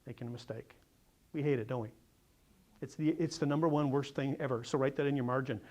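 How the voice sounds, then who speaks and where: A man's voice: mid-range voice, quick pace. A man teaching a sales seminar, telling stories with energy and putting questions to the audience. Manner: energetic, animated storyteller who quizzes the audience. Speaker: sales coach. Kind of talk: seminar talk to a live audience.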